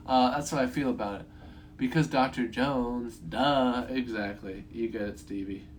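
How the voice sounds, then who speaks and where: A man's voice: medium pitch, a little slow, a little hiss or hum. A young man reviewing a movie in casual talk, rambling, swearing freely and chuckling at his own points.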